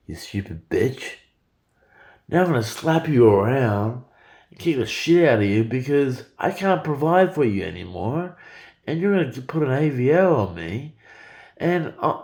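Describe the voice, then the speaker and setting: A man's voice: a little high, a little mellow, pitched above the performer's own voice. A man voicing an angry, abusive male devil who rants coarsely at his mistress.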